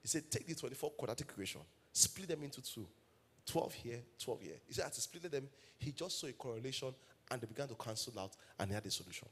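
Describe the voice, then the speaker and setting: A man's voice: medium pitch, animated, quick pace, a bit bright, husky. A man with a Nigerian English accent preaching a sermon as pastor, telling stories and building to emphatic calls to the congregation.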